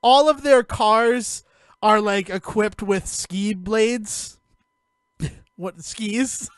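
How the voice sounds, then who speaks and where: A man co-hosting a podcast, retelling a film in a rambling, animated way and acting out the characters' lines. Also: high-pitched, drawn-out words, clear, resonant tone, no room sound, studio quality. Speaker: podcast co-host. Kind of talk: casual movie review chat.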